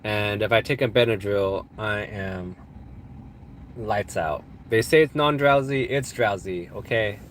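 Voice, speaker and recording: A man's voice: on the low side, unhurried, slight background noise. A man from California hosting a casual livestream, rambling and joking while answering chat questions, his nose stuffed up from allergies. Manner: rambling, joking, laughs often. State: congested from allergies. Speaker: live-stream host answering chat. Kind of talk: casual live-stream chat.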